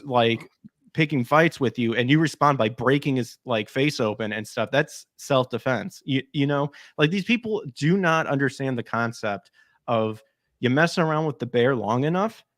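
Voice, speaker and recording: A man speaks bluntly and emphatically in a loose chat, with his sentences full of fillers. His voice is middling to low and sounds dry and close. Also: no echo. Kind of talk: casual chat.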